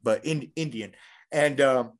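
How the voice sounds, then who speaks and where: A man's voice: medium pitch, a little slow. A middle-aged man telling a story in a casual interview, rambling and profane with many restarts.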